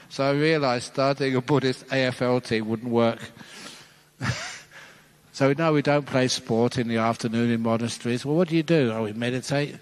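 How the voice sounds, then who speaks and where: Chuckling monk telling jokes in a hall. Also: male voice, mid-range voice, steady tone, normal speed, smooth. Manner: playful, chuckling storyteller. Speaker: Buddhist monk. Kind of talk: dharma talk with jokes. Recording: long hall reverb.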